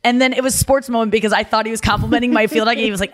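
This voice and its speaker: A woman's voice: fairly high pitch, fairly even intonation, rapid-fire, crowd noise. Woman, podcast co-host, casual chat, filler-heavy storytelling. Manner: chatty storyteller, many "like" fillers.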